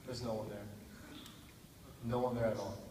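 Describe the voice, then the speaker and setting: A young man from Texas doing stand-up comedy at a student talent show, animatedly telling a story and acting out the dialogue with excited outbursts. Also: on the low side, moderate pace. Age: young adult. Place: large hall at a talent show. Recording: echoey hall, distant mic, noisy.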